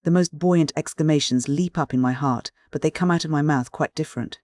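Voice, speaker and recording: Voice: medium pitch, darkish tone, no room sound, natural voice. A reader voicing a dismal fake old professor. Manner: slow, dismal, dry. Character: weary disguised detective posing as an old professor. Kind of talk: audiobook reading.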